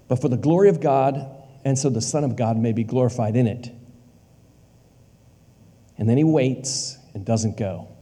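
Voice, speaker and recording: A man preaching a sermon with emphasis. He repeats lines for weight and drops to a hush on key words. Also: mid-range voice. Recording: long hall reverb.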